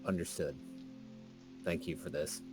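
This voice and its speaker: Super deep guy, terse replies while playing a tabletop game, soft music behind. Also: a little slow. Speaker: player. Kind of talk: in-character tabletop play.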